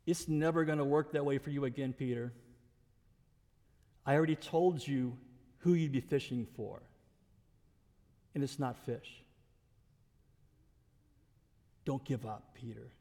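Gentle, hushed male teacher, put on by a preacher; soft delivery, echoey hall. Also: mid-range voice, normal speed, pauses often, voice pushed down, natural voice. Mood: tender. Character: calm, gentle male teacher reassuring a friend.

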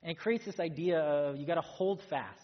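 A man's voice: fairly high pitch, a little fast. Casual male pastor in echoing hall. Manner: casual, conversational preaching with fillers and self-corrections. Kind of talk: sermon. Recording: dull sound with long hall reverb.

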